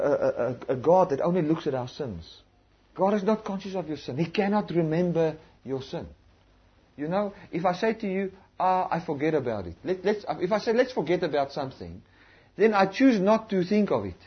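A man preaching a sermon, telling stories and acting out his conversations with strangers. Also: high-pitched. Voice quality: very husky voice. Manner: animated storytelling, acting out conversations. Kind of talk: sermon on evangelism. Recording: dull lo-fi recording.

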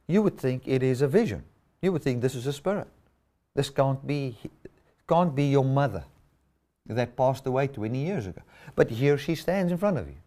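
A man's voice: mid-range voice, a little mellow. A man preaching a sermon, reading and explaining scripture with emphatic stress.

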